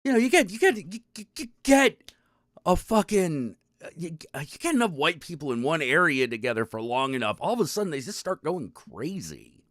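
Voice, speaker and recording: A man's voice: a little high, big pitch swings, brisk, a bit bright, dry recording, studio quality. A man hosting his own stream, ranting casually and profanely to his chat, rambling and exasperated with lots of restarts. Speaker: stream host.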